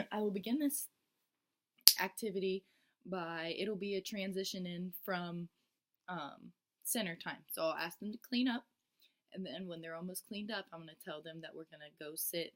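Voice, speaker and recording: A woman who teaches young children, walking step by step through a lesson plan with some ums and restarts. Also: lowish voice. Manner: steady, step-by-step explaining with frequent ums and restarts; shifts into a bright, singsong teacher voice when quoting herself to children. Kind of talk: explaining a lesson plan to camera.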